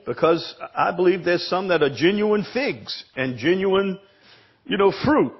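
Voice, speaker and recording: Husky preacher with lively pitch. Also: male voice, a little slow, lo-fi sound. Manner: emphatic preaching, repeats words, asks the congregation questions. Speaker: pastor. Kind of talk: sermon. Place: church sanctuary.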